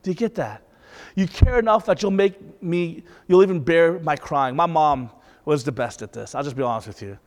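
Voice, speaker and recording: High-voiced young male preacher in a hall. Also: moderate pace. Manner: conversational preaching with rhetorical questions and laughs. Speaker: pastor. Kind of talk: sermon.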